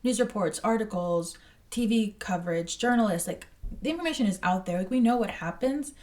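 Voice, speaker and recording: A woman's voice: mid-range voice, lively intonation, brisk, a little mellow, far from the mic. A woman in her twenties giving casual, blunt movie reaction commentary, swearing freely and speaking animatedly.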